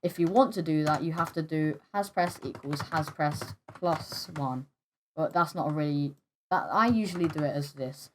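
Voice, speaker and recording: Young woman, low-ish voice, stumbling tutorial delivery, faint typing behind. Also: moderate pace, slight background noise. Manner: hesitant, stumbling, apologetic. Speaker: tutorial host. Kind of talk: screen-recorded coding tutorial.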